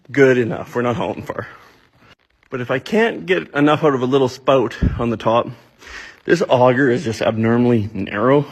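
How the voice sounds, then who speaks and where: A man's voice: medium pitch, breathy edge. A man, a farmer narrating his own shop project in a dry, muttering, self-deprecating way with offhand swearing. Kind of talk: casual project vlog narration.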